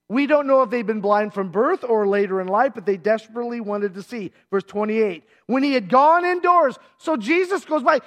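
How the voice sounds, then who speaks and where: A middle-aged man preaching a sermon, telling the story with energy and acting out the people in it. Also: extremely high pitch. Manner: animated storytelling, acting out voices and shouts. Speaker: pastor.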